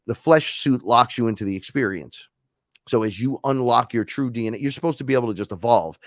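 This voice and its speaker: A man's voice: on the low side, no echo, clean studio sound. A man hosting a casual spiritual talk, telling stories in a rambling, profane way. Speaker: host.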